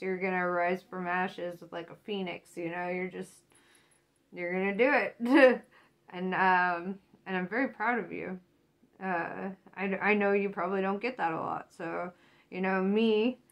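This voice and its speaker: A woman giving a casual tarot reading, rambling and encouraging, swearing freely. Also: fairly low pitch. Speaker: tarot reader.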